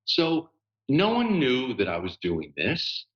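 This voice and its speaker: A man in his sixties, a voice actor, telling stories in a relaxed interview with many fillers and laughs. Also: medium pitch, slow pace, lo-fi sound. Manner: animated, laughing storyteller with lots of fillers. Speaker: guest voice actor. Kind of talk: casual interview storytelling.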